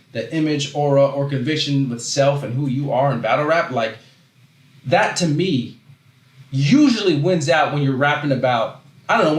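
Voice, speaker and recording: The audio has a spacious echo as a livestream host chats casually, his speech rambling and self-interrupting, breaking off and restarting in animated bursts. He periodically reads chat aloud, and his voice rests at an everyday middle pitch.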